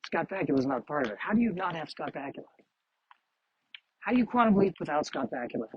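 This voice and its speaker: Quick and lively in intonation, a man with a slightly high voice hosts a solo podcast while walking on a street. He rambles in self-deprecating musings, and the muffled lo-fi outdoor audio has a little hiss or hum.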